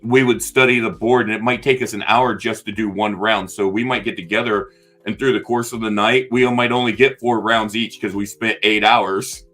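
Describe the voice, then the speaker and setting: Chatty guy co-hosting, bright forceful voice, tells long wandering stories. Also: on the low side, steady tone, moderate pace, faint music behind. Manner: rambling, restarts and trails off, laughs at own stories. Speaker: podcast co-host. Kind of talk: casual chat.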